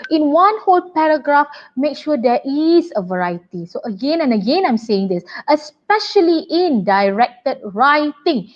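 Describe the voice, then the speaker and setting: A woman teaching an online writing lesson, brisk and chatty as she talks to her pupils. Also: sits high, big pitch swings, lo-fi sound. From Malaysia. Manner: brisk, chatty and apologetic, addressing pupils warmly. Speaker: English teacher.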